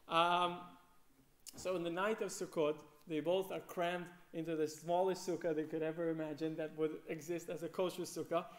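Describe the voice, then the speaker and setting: A man giving a sermon on the weekly Torah portion, telling a story with lively acted-out quotes and frequent fillers. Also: on the high side. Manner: animated storyteller, acts out quoted voices, many fillers. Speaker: rabbi. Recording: echoey room.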